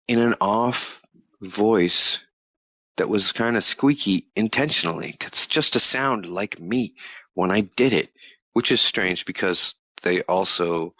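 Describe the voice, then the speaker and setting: A man's voice: sits low, pushed and bright, no echo. A man talking in a casual interview, rambling and chuckling, with many fillers.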